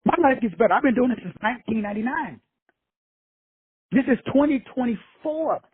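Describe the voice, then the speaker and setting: Host type: high, very raspy male voice, blunt and profane motivational talk, dry tinny phone-line sound. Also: lively intonation, brisk, no echo. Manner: blunt, profane, streetwise preaching. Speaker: motivational speaker, show host. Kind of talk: casual motivational monologue.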